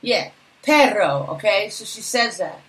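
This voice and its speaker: A woman's voice: medium pitch, expressive, a little slow, poor audio. A woman co-hosting a live talk show beside her husband, venting bluntly and indignantly. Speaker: co-host, host's wife. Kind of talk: casual live talk radio.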